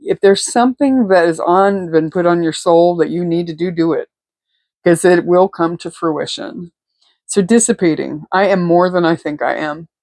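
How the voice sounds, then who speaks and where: A woman's voice: lowish voice, darkish tone, dry recording, rough recording. A woman giving a casual, rambling tarot reading from home, talking with lots of fillers and restarts. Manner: rambling, filler-heavy, chatty. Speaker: tarot reader.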